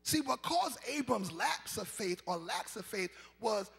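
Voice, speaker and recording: A man, a pastor preaching a sermon in a chanting, sing-song style that builds to shouts, recorded live in a large church. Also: sits high, lively intonation, measured pace, gravelly, few pauses. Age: 50s. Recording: live church recording with long reverb and faint organ.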